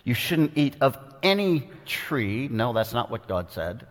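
A man's voice: big pitch swings, measured pace. Man preaching in a reverberant hall. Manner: earnest, pointed, dramatic shifts in pitch for quoted voices. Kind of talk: expository sermon. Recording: long reverb of a large hall.

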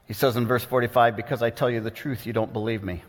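A man preaches in an earnest, pointed way, walking through scripture line by line. His voice sits at an ordinary middle pitch. It rings out with the long reverb of a large hall. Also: steady tone, fast. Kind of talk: expository sermon.

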